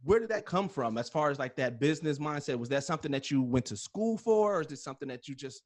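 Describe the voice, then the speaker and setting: A man hosting a casual one-on-one interview, his voice sitting a little high for a man. He tells stories with animated energy, acts out what he said and thought, and laughs readily. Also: fast talker. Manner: animated storyteller, laughs easily, acts out his own reactions. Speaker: host.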